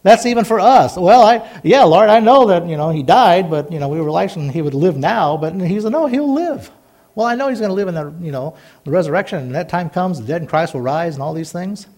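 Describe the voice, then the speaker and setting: A high-pitched man delivers a sermon to his congregation. He reads scripture in a folksy, rambling way with homespun asides. He grows fervent as he exhorts the listeners. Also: animated, fairly quick, darkish tone. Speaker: pastor.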